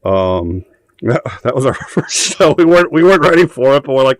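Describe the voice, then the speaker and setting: A man's voice: mid-range voice, big pitch swings, brisk. A man hosting a live show, telling a story in rambling, profane casual chat full of fillers. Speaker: host.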